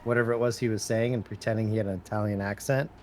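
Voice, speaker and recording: A man's voice: on the low side, fairly even intonation, very fast, music in the background. A man player in a casual tabletop game, making crude jokes. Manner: crude, joking.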